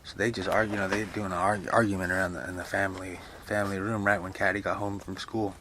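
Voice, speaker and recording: Man, low voice, casual, profane asides, explaining a novel, faint hiss. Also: flat delivery, fast talker. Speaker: reader and explainer. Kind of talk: casual literature lecture with reading aloud.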